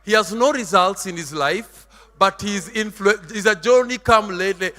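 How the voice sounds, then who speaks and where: A man preaching in a church hall, with a very high, sharp and bright voice. He is emphatic and theatrical, swinging between shouts and a sing-song lilt. A long hall reverb trails behind his words. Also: moderate pace. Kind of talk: sermon.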